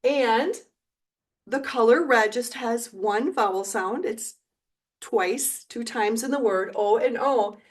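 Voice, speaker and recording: A middle-aged woman teaching a video lesson, encouraging and repeating words slowly for learners, now and then singing along. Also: a little high. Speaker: Spanish teacher.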